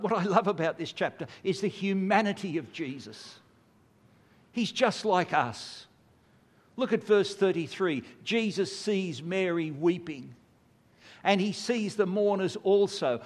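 An older man preaching a sermon, earnest and emphatic, slowing into weighty pauses. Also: on the high side, big-room sound.

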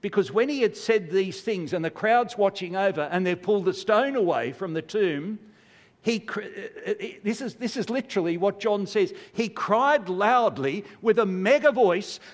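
A man's voice: high-pitched, animated, normal speed. A man preaching a sermon, acting out quotes in a dramatic way with big swings of voice. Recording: long hall reverb.

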